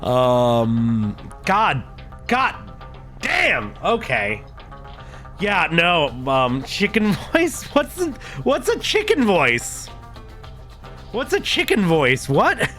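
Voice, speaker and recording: A man's voice: on the high side, wildly swooping pitch, very slow, pushed and bright, faint music behind. A man streaming a video game, giving casual let's-play commentary, chatty and thinking aloud, laughing at himself. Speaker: gaming streamer.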